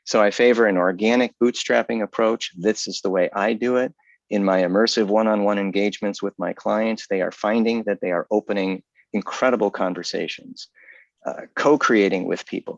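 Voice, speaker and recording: A man's voice: fairly low pitch, vocal fry, no echo, highs cut off. A man giving an earnest, articulate talk over a video call, often restarting his sentences. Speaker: guest speaker. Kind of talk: casual virtual talk.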